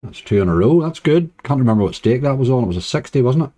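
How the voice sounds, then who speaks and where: A man's voice: medium pitch, lively intonation, fast, dark tone. A man casually commenting on his slot play, chatty and cheering when bonuses land. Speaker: slots streamer.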